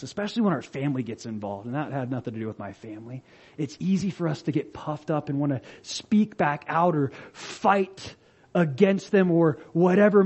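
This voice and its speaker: Animated high-voiced pastor preaching. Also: male voice, highs cut off. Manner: animated storytelling, acts out quoted voices. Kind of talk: sermon.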